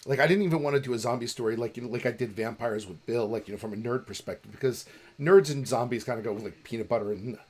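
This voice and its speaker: A man co-hosting a charity podcast livestream in casual chat, rambling and halting with many restarts and easy laughs. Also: mid-range voice, a little mellow, breathy edge. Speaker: podcast co-host running a charity stream.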